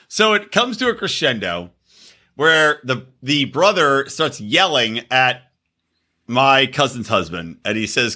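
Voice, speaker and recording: A man co-hosting a podcast, telling crude stories in loud, animated banter. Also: medium pitch. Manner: loud, animated storyteller who slips into joking put-on voices. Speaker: podcast co-host.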